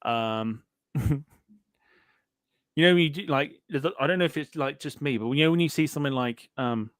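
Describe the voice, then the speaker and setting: A man's voice: on the high side, normal speed, no room sound, clean studio sound. A man hosting a casual aviation podcast, reading out live chat comments in a jokey way and laughing often. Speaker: podcast host.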